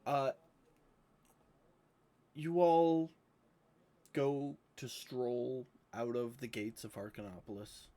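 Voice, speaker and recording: Game master, man, unhurried narration, casual and easygoing. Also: mid-range voice, fairly even intonation, dark tone. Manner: laid-back, with fillers.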